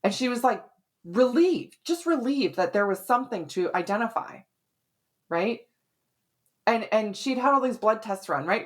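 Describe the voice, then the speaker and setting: A woman podcast host in a casual, explanatory flow, talking at a middling pitch. She keeps checking in with the listener and stays loose and conversational as she walks through how things work. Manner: chatty and explanatory, often adds "right?" and "like". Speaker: podcast host, women's hormone health expert.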